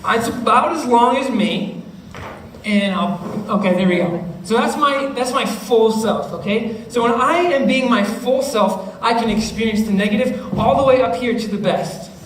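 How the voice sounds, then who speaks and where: Young male youth speaker, high voice, animated and chatty, heard from a distance in a roomy hall. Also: moderate pace. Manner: animated, acts out students' voices, keeps checking in with the listeners. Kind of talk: youth talk to middle schoolers. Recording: roomy, distant mic with faint noise.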